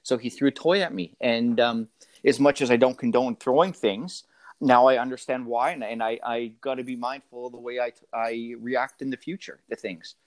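A man's voice: medium pitch, fairly even intonation, moderate pace, dry recording. A man in his thirties, a father talking in a casual interview, hesitant and full of fillers and restarts.

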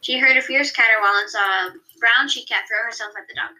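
A woman reads her own story aloud on a podcast, breaking off now and then to fix a detail. Her voice is very bright and a little high. She sounds chatty and unpolished. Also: fairly quick, poor audio. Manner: chatty, stops to correct herself. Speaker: podcast co-host and story reader.

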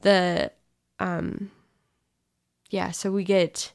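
A woman's voice: lowish voice, level tone, extremely slow, gravelly. A woman talking candidly in a casual testimony chat, rambling and emotional as she tells her story. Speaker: co-host sharing her story.

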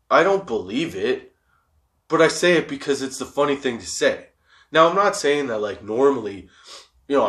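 A young man with a medium-pitched, slightly bright voice hosts a podcast. He rambles casually in stoner-monologue fashion, laughing a lot and cursing freely.

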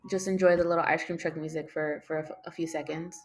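A woman's voice: deep voice, steady tone, fast talker, faint music behind. A young woman hosting a casual podcast, rambling, swearing a lot, losing her train of thought and yawning as she talks. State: yawning, tired. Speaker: podcast host.

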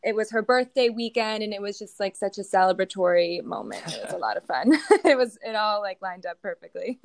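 A woman's voice: mid-range voice, animated, a little fast, gravelly, dry recording. A young woman answering interview questions casually, with lots of fillers and little laughs. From United States. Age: young adult. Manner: hesitant, many fillers and giggles. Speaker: guest, show jumping rider.

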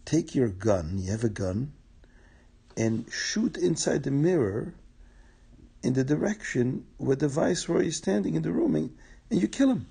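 Brief: steady wise rabbi, dark and husky, voiced by a male storyteller. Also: fairly high pitch, a little slow, full character voice. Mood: firm. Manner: firm, reassuring. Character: wise old rabbi, calm and certain.

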